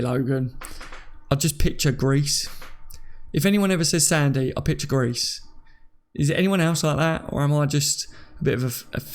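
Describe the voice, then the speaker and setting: A young man hosting a casual live stream, reading viewer comments aloud and laughing often. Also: medium pitch.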